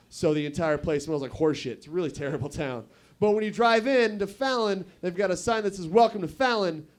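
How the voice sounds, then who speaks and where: A man's voice: fairly high pitch, clear, resonant tone. A young man from Nevada performing a stand-up set at a comedy club, rambling and offhand, with asides to the crowd. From Nevada, USA. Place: comedy club stage with live audience.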